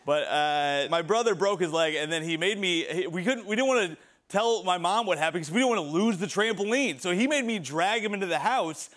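A man's voice: high-pitched, animated, fairly quick, a bit bright. A young man performing a stand-up comedy set on a TV studio stage, with a dry, offhand punchline delivery. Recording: stage mic with live audience. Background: audience laughter.

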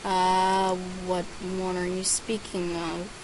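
A woman's voice: lowish voice, flat delivery, takes it slowly, a little mellow, slight background noise, low-quality recording. A teenage girl chatting casually as she records her gameplay, reading out other players' names and messages and squealing over gifts. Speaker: gaming vlogger.

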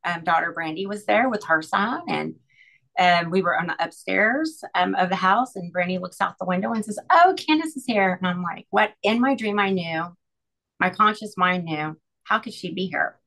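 A middle-aged woman telling an emotional personal story as an interview guest, earnest and halting, with many restarts. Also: fairly low pitch, gravelly, fairly bright tone, low-quality recording. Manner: earnest, halting, full of "you know" and restarts.

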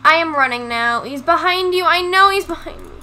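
A young woman chatting through a live gaming stream, talking to her viewers and teammates and breaking into high yelps when things go wrong. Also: animated, fairly quick, sharp tone. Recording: faint music in background.

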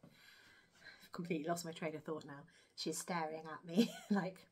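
Casting: woman, lower-pitched voice, rambling friendly crafts vlogger. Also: moderate pace, slightly rough. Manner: chatty, rambling, self-deprecating, with frequent laughs and asides. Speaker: crochet vlogger. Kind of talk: casual chat to camera.

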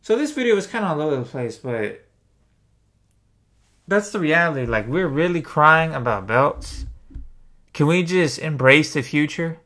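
A man's voice: fairly high pitch, expressive, a little slow, long pauses, fairly bright tone. A man venting to camera in an exasperated opinion rant, swearing freely as a small YouTuber. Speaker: wrestling YouTuber.

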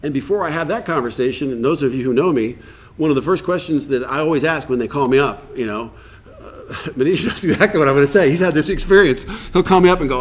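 A man's voice: fairly high pitch, expressive, a little fast, breathy edge. A man speaking at a recovery workshop, talking in a conversational way and reading passages aloud. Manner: conversational, reads passages aloud, acts out quotes. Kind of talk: informal recovery workshop talk. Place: live workshop event.

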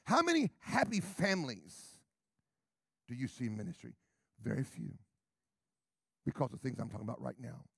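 A middle-aged American man, a pastor, preaching a brash, sarcastic sermon that swings from quiet asides to shouts. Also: medium pitch, very animated, normal speed, creaky, pauses often, husky, dry recording, studio quality. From United States.

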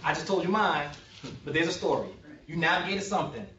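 A man with a fairly high, very lively voice delivers a joking, conversational lecture, checking in with the audience now and then. He sounds distant and dull, as if picked up from across an echoey room. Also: fast talker, slight background noise. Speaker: sociologist giving a presentation.

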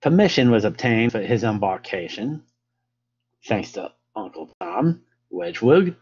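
A man with a put-on British accent, voicing a formal British naval captain by reading his old letter aloud in a measured way. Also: on the low side, big pitch swings, a little mellow, husky, dull audio, exaggerated voice.

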